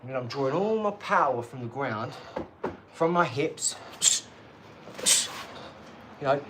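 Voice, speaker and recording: A live-stream host in his 40s speaks a bit slowly in a mid-range voice with lively intonation, rambling and boasting, laughing at his own expense and veering into boxing tips. Background noise is audible.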